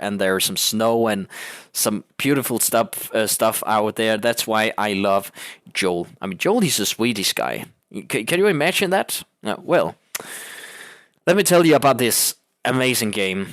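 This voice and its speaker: A young man with a Danish accent talks through rambling gaming commentary. His voice sits at a middle pitch, with a dry sound and no room echo. He swears casually and keeps breaking into laughter between thoughts. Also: a bit bright. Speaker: gaming channel host.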